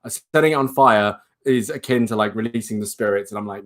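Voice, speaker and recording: A man's voice: lively intonation, fast talker, fairly bright tone. A man hosting a casual livestream, rambling and laughing as he reads out viewer comments. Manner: coos in a high baby voice at a pet rabbit. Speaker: livestream host.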